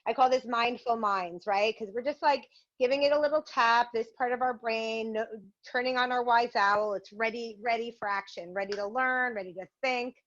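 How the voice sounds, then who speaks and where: A woman's voice: on the high side, fairly even intonation, moderate pace, fairly bright tone. A woman leading a virtual yoga and mindfulness class, guiding poses and a game in an upbeat, encouraging way. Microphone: video call. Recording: muffled video-call audio.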